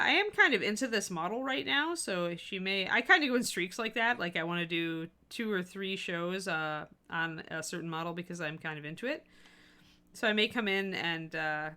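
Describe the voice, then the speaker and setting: Woman chatting on a painting stream, kinda low voice but bright and punchy, lots of ums. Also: clean tone. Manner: chatty, thinking aloud with frequent fillers. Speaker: miniature painting stream host. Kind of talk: casual live-stream tutorial talk.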